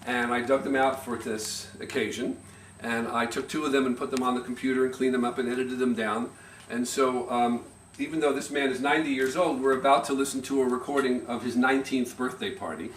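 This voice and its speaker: A middle-aged man with a mid-range voice gives an informal speech at a family gathering in an indoor party room, slightly nervous as he tells anecdotes with stops, restarts and soft chuckles. Standing well back from the mic, he sounds distant and echoey in this amateur room recording, with a faint hum of ambience behind him.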